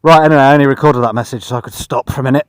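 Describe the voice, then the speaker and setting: A tired man on a long cycling trip, talking outdoors in a dry, self-deprecating monotone as a casual travel vlog. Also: medium pitch, racing, clear, resonant tone, no room sound. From Britain. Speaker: vlogger.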